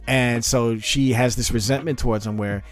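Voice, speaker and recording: A man's voice: medium pitch, fairly even intonation, moderate pace, soft background music. A man hosting a casual podcast, rambling with many repeated words and laughing often. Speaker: podcast host. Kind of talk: casual chat.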